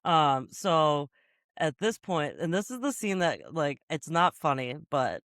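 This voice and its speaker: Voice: medium pitch, animated, a little slow, fairly bright tone, no echo, clean studio sound. A podcast co-host recapping a film plot in a casual, rambling way, full of likes and ums. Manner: rambling, hesitant plot recap with fillers and laughs. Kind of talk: casual comedic film review chat.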